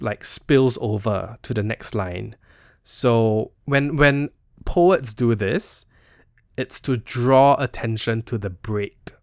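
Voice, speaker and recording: A man's voice: mid-range voice, dry recording, studio quality. Chatty Singaporean man hosting a podcast. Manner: chatty and playful, full of "you know" and "like". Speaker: podcast host. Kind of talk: casual solo literary analysis.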